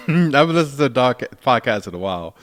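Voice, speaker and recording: A man's voice: medium pitch, big pitch swings, fast, fairly bright tone. A man from Philadelphia co-hosting a podcast in casual chat, jokey and slangy. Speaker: podcast co-host.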